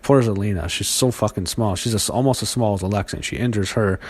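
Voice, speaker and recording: A man's voice: on the low side, fast. A man reviewing a wrestling show in a profane, angry rant with frequent restarts and trailing mutters.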